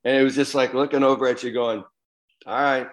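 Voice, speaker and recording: A man's voice: mid-range voice, brisk, poor audio. A man co-hosting a podcast, casually adding his own memories to a shared story. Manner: relaxed, chiming in with his own side of the story. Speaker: podcast co-host, former player. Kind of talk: casual chat.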